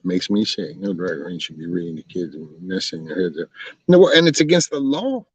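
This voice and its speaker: Very animated and a little fast, this Texan live stream host has a low, slightly rough voice as he chats with viewers. He rambles in a folksy style, and the dull lo-fi stream audio has no room sound.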